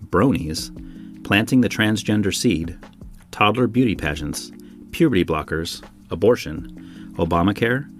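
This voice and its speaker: A man hosting a podcast from home, delivering a wry, opinionated monologue full of rhetorical questions. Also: deep voice. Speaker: podcast host. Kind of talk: scripted monologue then casual chat.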